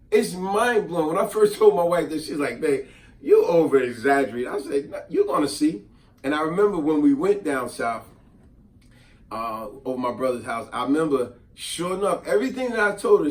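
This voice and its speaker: A middle-aged man tells a casual, lively story and takes on voices for the people he quotes. His voice is a bit high for a man, and he sounds far from the mic in a roomy space.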